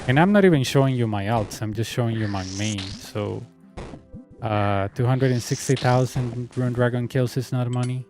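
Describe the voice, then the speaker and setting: A man speaking English with a Latin American Spanish accent, his first language being Spanish. He rants in a casual, sarcastic, exasperated way as a game streamer, at a middle pitch, with soft music faintly behind him. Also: moderate pace. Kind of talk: casual storytelling rant.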